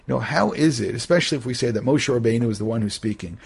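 A middle-aged man with a husky, gravelly voice teaches a Torah study class. He talks in a lively way, acting out short exchanges and often restarting his sentences. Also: medium pitch, fast. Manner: animated, acts out little dialogues, many restarts.

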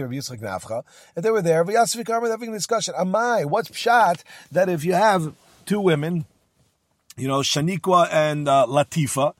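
A man's voice: fairly high pitch, no room sound, studio quality. A man teaching a casual Talmud class, acting out the rabbis' dialogue with Hebrew and Aramaic terms.

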